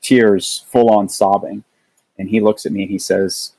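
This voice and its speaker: A man with a lowish voice tells a story as a podcast guest, stopping and restarting often and leaning on fillers. The sound is dry and close, with no room around it. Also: fairly even intonation, gravelly, dark tone, no room sound, poor audio. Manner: halting, many restarts and fillers. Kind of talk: casual storytelling.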